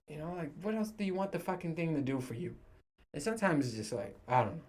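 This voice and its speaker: A man's voice: a little high, very animated, quick pace, a little mellow. A man in his thirties, a podcast host, rants casually to the camera, swearing and laughing as he goes. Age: 30s. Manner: profane, joking, laughs often. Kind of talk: casual solo rant to camera.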